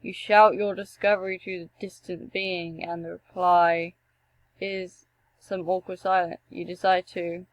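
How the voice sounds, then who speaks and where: A young woman reading a text adventure game aloud and breaking off for joking, animated asides and the odd swear. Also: lowish voice, measured pace, dry recording, poor audio. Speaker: gameplay streamer.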